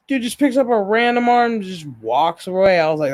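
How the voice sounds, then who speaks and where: High-voiced profane man telling a story. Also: lively intonation, normal speed, no echo. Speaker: gaming stream host. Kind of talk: casual chat.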